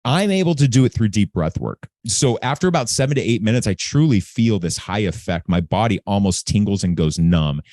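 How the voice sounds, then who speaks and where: A man's voice: fairly low pitch, expressive, fairly quick, hardly any pauses, darkish tone, no echo, clean studio sound. A man, a podcast guest, telling his story in an earnest, candid way and repeating phrases when moved.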